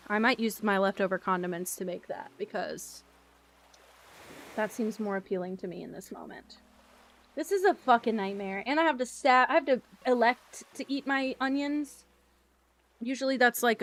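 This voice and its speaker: A young woman streamer chatting casually, ranting and swearing while she eats. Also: mid-range voice. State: eating while talking. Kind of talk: casual live-stream chat.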